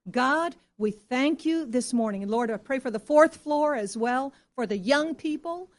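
A woman pastor preaching a sermon to her church, impassioned and then soft and earnest. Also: sits high, lively intonation, measured pace.

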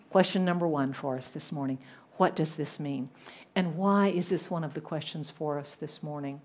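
A woman with a softened Southern American accent preaching a sermon to a congregation, animated and asking them questions. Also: deep voice, moderate pace. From Southern United States. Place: church congregation abroad.

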